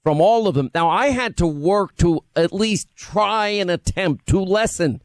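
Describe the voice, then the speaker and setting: A man's voice: high voice, dry recording. A man from Long Island with a New York accent, hosting a talk radio show in casual, bantering style. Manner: brash, bantering, quick to interrupt.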